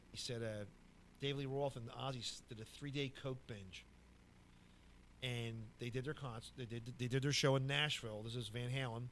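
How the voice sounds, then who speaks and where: A man's voice: medium pitch, slight background noise. A man co-hosting a podcast, casually telling a story and acting out what each person said. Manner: animated anecdote teller who acts out quotes. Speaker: podcast co-host.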